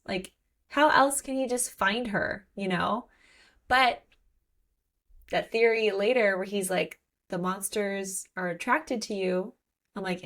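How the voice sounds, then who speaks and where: A woman co-hosting a casual book podcast, retelling the plot and acting out the characters' lines in quick, animated bursts. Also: medium pitch. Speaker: podcast co-host.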